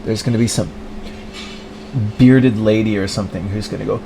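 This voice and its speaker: A man's voice: on the low side, fairly even intonation, normal speed, vocal fry, noisy background. A man ranting in a rambling monologue, full of filler words and mocking impressions of other people. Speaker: vlogger.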